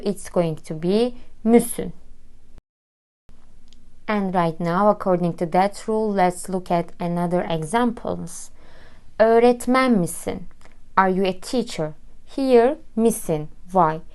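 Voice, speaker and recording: Slow, patient Turkish woman teaching. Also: medium pitch, a little mellow. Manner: patient, explains step by step, repeats words slowly. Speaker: language teacher. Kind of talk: language lesson.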